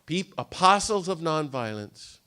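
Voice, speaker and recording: A man delivers a spirited talk to an audience in a hall, with a somewhat high speaking voice. He keeps slipping into the voices of the people he quotes and then returns to his own. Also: big pitch swings, a little slow, pushed and bright, clean tone. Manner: impassioned, jumps into quoted voices. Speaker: speaker on nonviolence. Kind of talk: animated lecture to a live audience. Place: conference hall.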